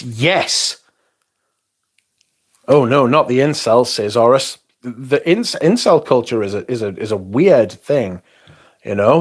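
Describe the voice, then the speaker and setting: A man's voice: mid-range voice, husky. A young man hosting a livestream, chatting casually, rambling and swearing as he reads comments aloud. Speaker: livestream host.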